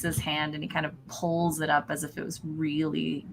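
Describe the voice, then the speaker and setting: A woman with a fairly low voice narrates as game master in a tabletop role-playing game. She talks casually and hesitantly, full of fillers and light laughter, and a faint hiss sits under her voice. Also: monotone, moderate pace, vocal fry. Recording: faint background noise.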